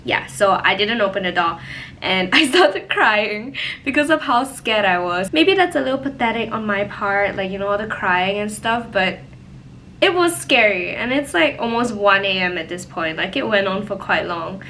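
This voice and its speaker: A young woman telling a personal story in a casual, animated way, full of "like" fillers. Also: mid-range voice, normal speed, a little hiss or hum, low-quality recording. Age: young adult. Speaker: vlogger. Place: home, indoors.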